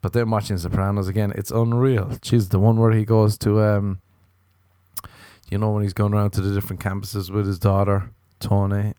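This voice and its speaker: A man's voice: lowish voice, warm tone, no room sound, clean studio sound. A young Irish man hosting a podcast, rambling and swearing in a casual comic monologue, often slipping into playful quoted voices. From Ireland. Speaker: podcast host.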